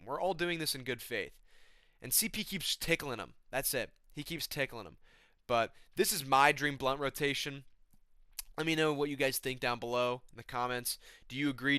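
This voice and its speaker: A man's voice: medium pitch, bright, forceful tone, no echo, studio quality. A young man telling a casual, comedic vlog story in slangy talk full of "bro" and "man". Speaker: YouTuber, MMA commentator.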